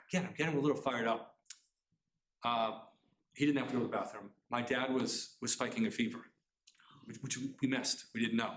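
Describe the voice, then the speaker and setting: A middle-aged man telling a personal family story to a live audience, talking fast and earnestly, often restarting his sentences. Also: medium pitch, steady tone, fairly bright tone, a little hiss or hum. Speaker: author giving a talk. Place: community center room. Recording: roomy hall sound.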